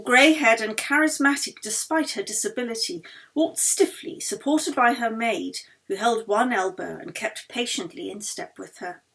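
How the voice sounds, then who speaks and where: A woman author reading her own novel aloud in a measured, expressive way. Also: mid-range voice. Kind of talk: audiobook narration.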